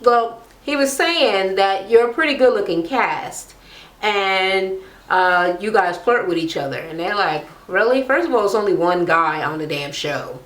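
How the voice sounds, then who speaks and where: A woman's voice: mid-range voice, lively intonation, measured pace, echoey room. A woman recapping a reality show in casual, blunt, profane chat, mimicking the people she talks about.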